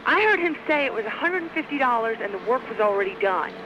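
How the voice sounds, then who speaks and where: A woman's voice: a little high, lively intonation, fast talker. A woman on a phone call, dry and wary, with sarcastic replies. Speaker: prank call target. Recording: noisy phone line.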